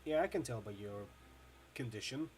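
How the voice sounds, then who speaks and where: A man's voice: medium pitch, lively intonation, normal speed, a little mellow, a little hiss or hum, close to an everyday voice. A man reading a video game aloud and voicing the player character, a dry, plain-spoken mercenary. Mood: wry.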